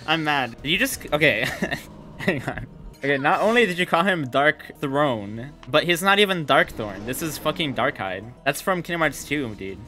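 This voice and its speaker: A young man giving excited live commentary while playing a video game, swearing, yelling and laughing at the fight. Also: a little high, normal speed, soft background music. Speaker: gaming streamer.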